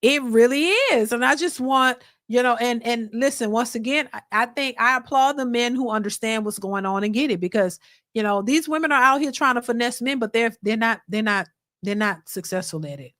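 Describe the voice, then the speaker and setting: A woman's voice: a little high, moderate pace, a bit bright, no room sound, studio quality. A woman hosting a reaction channel, chatting to her live viewers in a blunt, emphatic way and lecturing them. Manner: mocks others by quoting them in a put-on voice. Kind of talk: casual commentary to a live chat.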